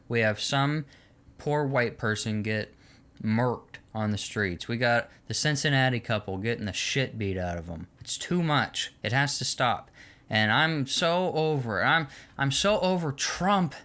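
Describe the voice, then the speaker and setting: A man's voice: mid-range voice, lively intonation, unhurried, pushed and bright. A man delivering a long, heated political rant to camera, sarcastic and mocking toward imagined critics. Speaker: political commentator.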